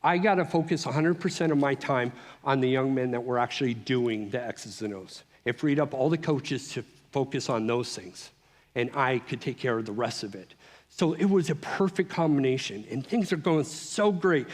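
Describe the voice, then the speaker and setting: A middle-aged man giving a personal testimony speech at a conference, telling his story in an animated way with frequent restarts. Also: mid-range voice, moderate pace. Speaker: conference speaker. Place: conference hall. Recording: long reverb of a large hall.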